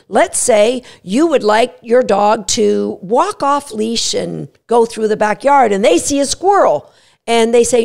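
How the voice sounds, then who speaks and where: A woman's voice: fairly high pitch, expressive, unhurried, vocal fry, darkish tone. A woman hosting a podcast on dog training, talking emphatically and acting out what dogs say. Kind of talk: podcast monologue.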